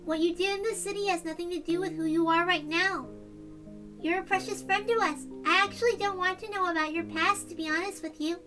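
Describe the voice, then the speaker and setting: A woman voicing a gentle young girl who calmly reassures her friends in a visual novel reading. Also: very high voice, a little fast, far from the mic, over music. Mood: reassuring. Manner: soft, reassuring.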